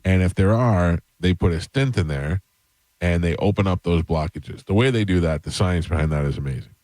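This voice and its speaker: A radio host telling a long, self-mocking story in a casual, rambling way, with restarts, into a close studio mic. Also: male voice, deep voice, moderate pace, darkish tone, no room sound.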